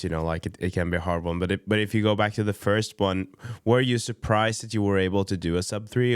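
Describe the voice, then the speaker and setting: A man's voice: sits low, smooth, dry recording, clean studio sound. A man hosting a running podcast, asking questions with frequent restarts and repeated words. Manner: hesitant, repeats words while forming questions. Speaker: podcast host. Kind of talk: interview questions.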